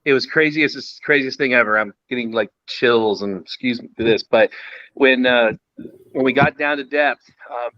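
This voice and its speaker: A man's voice: medium pitch, normal speed, no room sound. A man, a guest, casually telling an anecdote and acting out the voices of the people in it. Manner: animated, acts out quoted voices. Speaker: guest storyteller. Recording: dull lo-fi sound.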